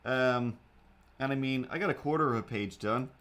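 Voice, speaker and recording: Playful male streamer, mid-pitched voice, rambling casual talk with sudden jumps into silly voices. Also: normal speed, a bit bright. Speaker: streamer drawing comics. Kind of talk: rambling live-stream chat.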